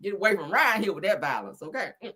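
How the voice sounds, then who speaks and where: A woman's voice: medium pitch, very animated, quick pace, slightly rough. A woman hosting a casual comedic livestream, laughing often and swearing, with frequent exclamations to the Lord. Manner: loud, laughing, preachy exclamations and profanity. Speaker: livestream host.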